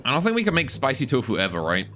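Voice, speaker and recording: Streamer guy joking w chat while he plays, voice bouncing all over, quiet game music. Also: medium pitch, huge pitch swings, very fast. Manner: joking, chats with viewers while playing. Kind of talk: casual live-stream gaming chat.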